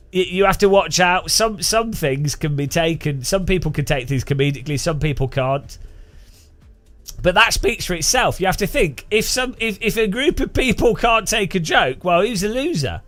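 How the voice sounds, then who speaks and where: A man's voice: a little high, fairly bright tone. A British man streaming a game live, chatting casually in a rambling, jokey way with frequent restarts. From Britain. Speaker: gaming streamer. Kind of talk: casual live gaming chat.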